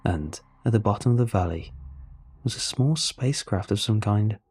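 A man narrating a first-person science fiction story in a steady, even manner. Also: on the low side, moderate pace, slightly rough, no room sound, studio quality. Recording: faint music underneath.

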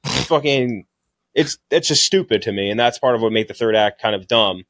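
A young man co-hosting a casual podcast, animated and quick to swear. His voice sits at a middling pitch. The sound is dry and close, with no room around it. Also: no echo. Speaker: podcast co-host. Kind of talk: casual chat.

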